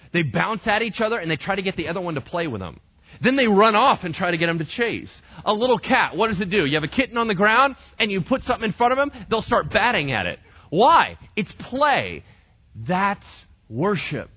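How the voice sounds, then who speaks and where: A man preaching a sermon as a pastor, conversational and animated, asking the congregation rhetorical questions. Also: sits high. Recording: dull lo-fi dry recording.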